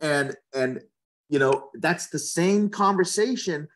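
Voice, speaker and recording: Passionate, opinionated man, fairly high voice. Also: animated, takes it slowly, fairly bright tone. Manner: passionate and opinionated, repeats words as he talks. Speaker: real estate agent. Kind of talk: casual conversational interview.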